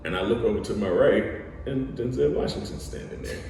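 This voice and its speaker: A deep-voiced, gravelly man, an actor and studio co-founder, is interviewed as a guest and tells stories fairly quickly and in a lively way, acting out quotes. He's recorded in an echoey room on a distant mic with background noise.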